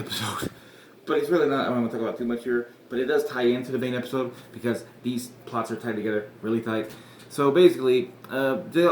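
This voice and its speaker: A man hosting a podcast, recapping an episode in casual chat, rambling, swearing and laughing often. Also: mid-range voice. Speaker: podcast host. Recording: echoey room with faint noise.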